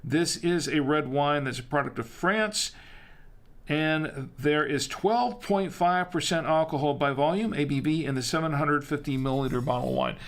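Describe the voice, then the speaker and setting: A man's voice: fairly high pitch, moderate pace, a bit bright. Chatty rambling man. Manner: rambling, self-deprecating, chatty with many fillers. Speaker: wine show host. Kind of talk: casual live-stream chat and wine review.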